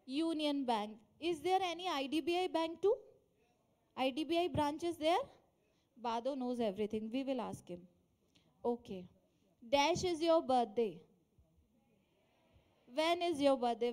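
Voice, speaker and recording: A woman's voice: high-pitched, darkish tone. A woman teacher with an Indian accent, quizzing a classroom in English mixed with Hindi and encouraging her students.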